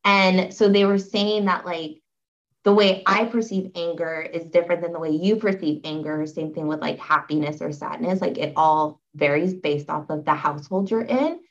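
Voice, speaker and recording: A woman's voice: fairly low pitch, moderate pace. A young woman guest on a podcast, chatting casually with lots of fillers as she tells a story. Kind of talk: casual interview chat. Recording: dull, slightly lo-fi audio.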